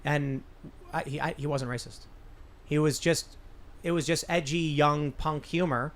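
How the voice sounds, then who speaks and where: Male talk show host, thirties, higher voice, rambling conversational delivery, frequent restarts. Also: fairly even intonation, unhurried. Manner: rambling storyteller, many restarts. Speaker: podcast host. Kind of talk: casual political talk show.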